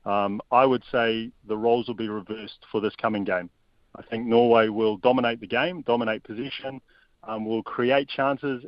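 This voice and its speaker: A man giving football analysis as an interview guest, hesitant, with many pauses and ums. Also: mid-range voice, no room sound, highs cut off.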